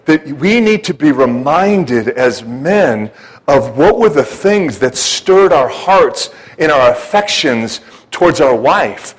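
Man, preacher, casual joking sermon, fairly high voice, lots of fillers and restarts, speaking to a church congregation. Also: expressive, poor audio. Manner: folksy, joking, halting with many fillers and restarts. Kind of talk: conversational sermon.

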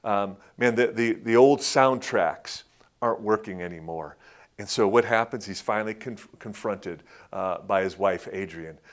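A pastor delivers his sermon conversationally and a little slowly, with many fillers and restarts. When quoting others, he acts them out in a louder, higher voice.

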